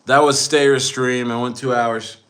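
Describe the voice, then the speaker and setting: Male streamer, slow loose delivery, rambling casual commentary to viewers. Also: mid-range voice, level tone, fairly bright tone. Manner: rambling, repeats himself, addresses viewers as guys. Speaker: crypto streamer.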